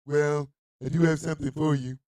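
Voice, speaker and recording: A man hosting a comedic live internet radio show, ranting loudly and bluntly in crude slang to his listeners, often shouting. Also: fairly high pitch, fairly quick, slight background noise, rough recording. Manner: loud, animated, often shouting and laughing.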